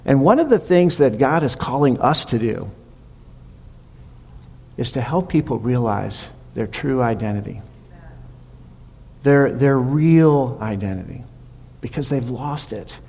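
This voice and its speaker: A man's voice: medium pitch, expressive, a little slow, creaky, pauses often, darkish tone, slightly rough. A male pastor preaching a casual, conversational sermon, retelling a story with animation. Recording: long reverb of a hall.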